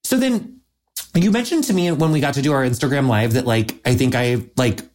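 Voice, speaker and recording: A woman's voice: extremely low pitch, fairly quick, darkish tone. A woman hosting a podcast, chatting casually and gushing, filling her talk with "like" and the odd swear word. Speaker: podcast host. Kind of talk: casual interview chat.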